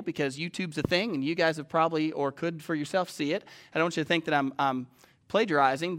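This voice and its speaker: Pastor, male, high bright voice, chatty sermon on stage, keeps checking in with the crowd. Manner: conversational, asks the audience questions often. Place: stage before a live audience.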